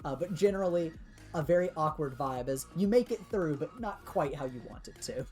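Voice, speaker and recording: A man narrating a tabletop role-playing game as game master, relaxed and full of filler words. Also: fairly high pitch, moderate pace, soft background music. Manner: relaxed, filler-heavy narration with many uhs.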